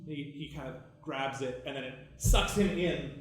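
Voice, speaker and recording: A man playing in a live improv tabletop game, describing his character's actions haltingly. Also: mid-range voice, very noisy. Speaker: player. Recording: echoey live theatre.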